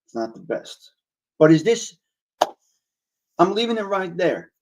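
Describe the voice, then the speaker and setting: A man's voice: sits high, sing-song, unhurried, low-quality recording. Chatty man hosting a casual livestream. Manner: chatty, wisecracking, talks to viewers by name. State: voice a little off after a long night. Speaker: livestream host. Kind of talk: casual live chat reading viewer comments. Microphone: cheap handheld mic moved near and far.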